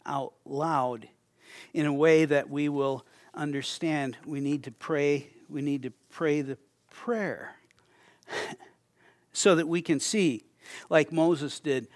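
A man's voice: on the high side, takes it slowly, dry recording. A male pastor preaching a conversational sermon, restarting phrases often and chuckling between thoughts.

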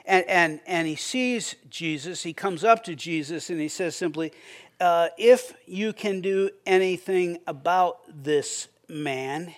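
A man's voice: high-pitched, slow pace. A man preaching a sermon in a conversational way, often repeating words as he starts a sentence and acting out quoted prayers. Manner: acts out quoted prayers with a raised voice. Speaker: pastor.

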